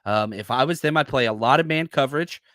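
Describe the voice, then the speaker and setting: A man's voice: mid-range voice, quick pace, a bit bright, no room sound, studio quality. A man hosting a sports podcast, giving heated, ranting analysis. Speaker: podcast host.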